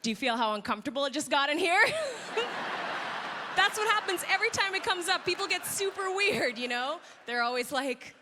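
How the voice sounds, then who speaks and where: A woman's voice: sits high, lively intonation, moderate pace, big-room sound. A woman comedian doing a self-deprecating stand-up set on a live stage, chatty and full of asides to the crowd. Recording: live show with loud crowd noise.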